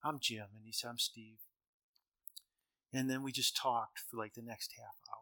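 A man's voice: mid-range voice, level tone, normal speed, vocal fry, sharp tone, no room sound. A middle-aged man giving a talk as a speaker, telling humorous stories in a conversational way and acting out the dialogue. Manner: conversational, acts out dialogue, chuckles at own jokes.

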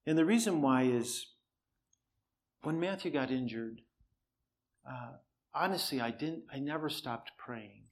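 A man's voice: medium pitch, measured pace, pauses often. A man preaching, telling a personal story in an easy, conversational way with dry humor; he says he cannot raise his voice. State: cannot shout, voice strained.

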